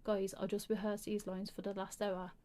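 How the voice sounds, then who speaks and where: A woman voicing a lively, theatre-loving teenage girl, in a mellow voice. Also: mid-range voice, normal speed, natural voice.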